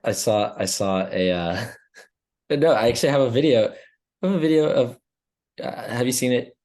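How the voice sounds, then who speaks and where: A man's voice: medium pitch, moderate pace, darkish tone. A man co-hosting a podcast in casual chat, laughing often and restarting his sentences. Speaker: podcast co-host.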